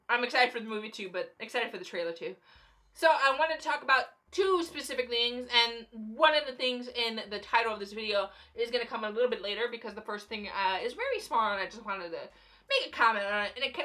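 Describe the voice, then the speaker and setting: A woman's voice: a little high, a little fast, bright, forceful tone. A young woman vlogging casual movie commentary, chatty and playfully sarcastic. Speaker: YouTube vlogger.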